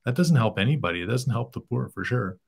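A man from Canada, a guest on a podcast, speaking in an earnest, measured way with fillers. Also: medium pitch, animated, creaky, slightly rough. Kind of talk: podcast conversation.

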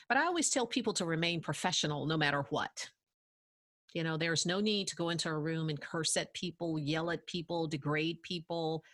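A middle-aged woman, a podcast guest, giving measured advice in a casual interview and laughing easily. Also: sits low, a bit bright.

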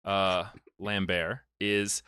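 Young man, podcast host, animated storyteller, bright tense voice, dry close sound. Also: deep voice, very slow, clean tone, no echo. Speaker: podcast host recapping a film. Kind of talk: casual comedic chat.

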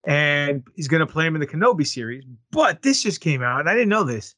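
A man's voice: on the high side, lively intonation, fairly quick, a bit bright, no room sound. Joking man with a dry close mic. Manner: joking, rambling with fillers. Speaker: podcast co-host. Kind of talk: casual banter podcast.

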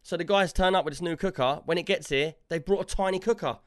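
A man's voice: high-pitched, fast talker. A man telling a long story in casual chat, quoting the people he argued with. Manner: animated storytelling, quotes others in dialogue.

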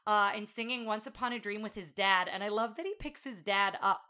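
A woman's voice: mid-range voice, fairly quick. A woman co-hosting a podcast, animatedly retelling a film scene by scene and acting out the characters' lines. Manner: animated storyteller, acts out quotes. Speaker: podcast co-host. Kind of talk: casual film recap chat.

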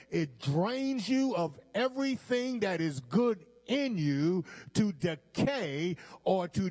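Slow, emphatic high-voiced preacher man. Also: a little mellow. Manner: emphatic, repeats lines and asks the congregation to stay with him. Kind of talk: sermon. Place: church.

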